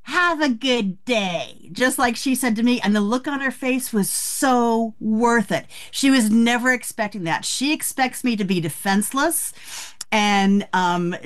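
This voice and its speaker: A woman in her sixties, an author being interviewed, telling frank, animated stories about aging. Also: fairly high pitch. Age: 60s. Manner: frank, animated storytelling with laughs. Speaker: author guest. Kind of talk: candid interview talk.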